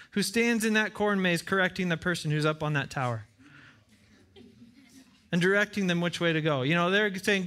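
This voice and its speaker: A man's voice: high-pitched, moderate pace, pauses often, sharp tone. A man preaching a sermon as pastor in a church, earnest, repeating phrases for emphasis and acting out short dialogues. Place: church with side screens.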